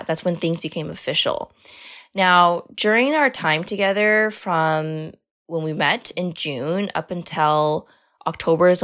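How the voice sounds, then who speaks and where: A young woman with a lowish voice tells a personal story as a podcast host. She talks in a loose, chatty way, full of filler words and casual swearing. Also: fairly bright tone. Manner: chatty, lots of "like" and "you know", swears freely.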